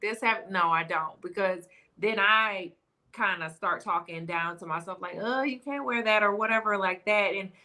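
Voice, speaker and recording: A woman's voice: lowish voice, fairly even intonation, normal speed, bright, forceful tone. A woman guest on a podcast, talking in casual chat in an earnest, reflective way.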